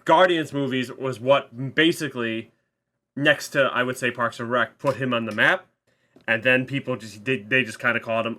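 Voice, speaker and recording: A man's voice: medium pitch, moderate pace, pushed and bright. A man who is a guest on a casual spoiler chat, rambling, restarting sentences and swearing casually.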